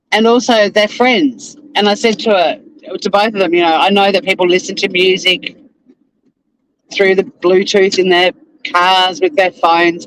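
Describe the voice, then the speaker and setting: A man's voice: high-pitched, fairly bright tone, a little hiss or hum, poor audio. A man with an Australian accent hosting a casual live-stream chat from his car, greeting viewers by name and swearing now and then. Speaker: lawyer and live-stream host. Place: in a car, driving to work.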